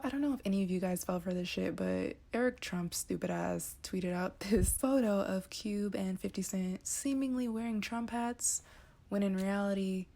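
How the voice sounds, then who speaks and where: Woman ranting on her vlog, sarcastic and swears a lot, lots of gravelly fry. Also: mid-range voice, moderate pace, dark tone. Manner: blunt, profane and sarcastic. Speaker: vlogger. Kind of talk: casual political rant.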